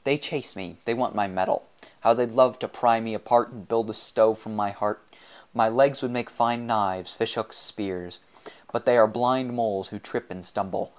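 A mad half-machine sculptor of a man, proud and theatrical, drawing out his words, as a male reader puts him on. The voice sits fairly low. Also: steady tone, lightly acted. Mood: bitter. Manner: grandiose, theatrical, slow and drawn out.

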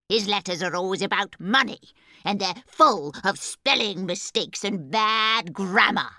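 A man voicing a wealthy, sharp-tongued old lady in a storybook reading, speaking slowly and scornfully. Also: high voice, gravelly, no echo, clean studio sound, pitched above the performer's own voice, heavily acted. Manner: slow, scornful, mocking.

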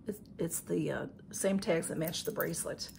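In this casual unboxing chat to camera, a female YouTube vlogger pours out emotion and keeps saying thank you. She speaks at normal speed in a fairly low, creaky, darkish voice over slight background noise.

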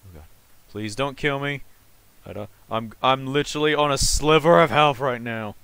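A man's voice: medium pitch, normal speed, fairly bright tone, clean tone. A young man commenting on a horror game as he plays, jumpy and exclaiming, talking back at the game. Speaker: let's play gamer. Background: game music.

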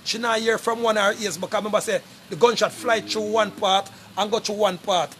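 Jamaican man, middle-aged, high voice, emphatic repetitive appeal, noisy outdoor recording. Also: fairly even intonation, brisk, pushed and bright. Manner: emphatic, repetitive, keeps calling out to "people". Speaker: vlogger appealing for donations. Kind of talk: casual direct-to-camera appeal.

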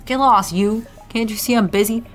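A woman's voice: a little high, steady tone, moderate pace, a loud crowd, pitched above the performer's own voice, close to an everyday voice. A woman reading aloud the lines of a vain, snobby young woman from a game, in a haughty, dismissive tone.

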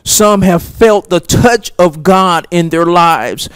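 A male preacher delivers his sermon in a slow, deliberate way, leaning on each phrase and pausing long between them. His voice sits fairly high for a man. The sound is dry and close, with no room echo. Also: smooth. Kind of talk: sermon teaching.

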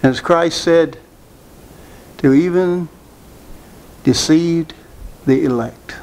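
A man's voice: fairly high pitch, very slow, a little mellow. A man preaching a sermon, who speaks emphatically, asks rhetorical questions and repeats phrases.

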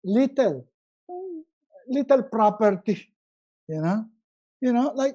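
A middle-aged man giving a motivational webinar talk, acting out quotes in a raised, animated voice. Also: very high-pitched, slow pace, long pauses, dull audio. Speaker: motivational speaker.

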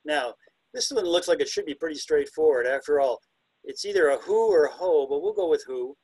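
A man's voice: a little high, expressive, fairly quick, darkish tone, slightly rough, dry recording, rough recording. A man presenting a talk on identifying birds by ear, chatty and self-deprecating, now and then imitating the calls. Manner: imitates bird calls with hoots and whistles. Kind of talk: illustrated talk on bird songs.

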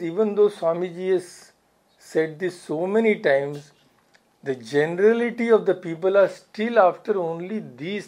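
A man's voice: sits high, darkish tone. A man giving a spiritual talk as a swami, earnest, repeating phrases for emphasis. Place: society hall.

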